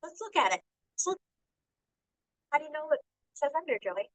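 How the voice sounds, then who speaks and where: A woman teacher reading a picture book aloud to young children in a classroom, asking them questions by name and slowing down to sound out the words. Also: sits high, big pitch swings, fairly bright tone, no echo, low-quality recording. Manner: coaxing, calls on children by name and asks questions.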